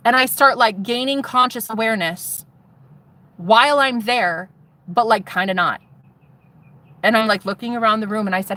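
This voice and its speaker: A young woman telling a personal story to her viewers in an animated, swearing way, acting out what others said. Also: fairly high pitch, normal speed, slight background noise, low-quality recording. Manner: animated, swearing, acts out quotes. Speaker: vlogger. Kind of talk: storytelling testimony.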